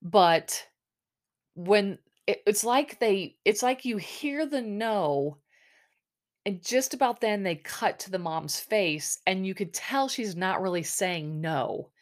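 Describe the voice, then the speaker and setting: A woman's voice: medium pitch, lively intonation, takes it slowly. A woman hosting a podcast, recapping a reality dating show episode in a rambling, casual way full of fillers. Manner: chatty, rambling, lots of "like" and "um". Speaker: podcast host.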